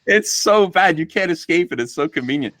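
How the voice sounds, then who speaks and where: A middle-aged man chatting casually as a guest on a livestream, telling stories in a rambling, profane, animated way. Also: on the high side, a little fast, a crowd in the background. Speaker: guest comic book artist.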